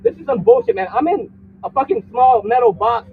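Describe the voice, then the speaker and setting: A man's voice: very high voice, lively intonation, fairly quick. A man under arrest in the back of a vehicle, swearing and arguing indignantly, repeating himself. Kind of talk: heated confrontation. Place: inside a vehicle, in handcuffs. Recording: distant, phone-like recording with faint noise.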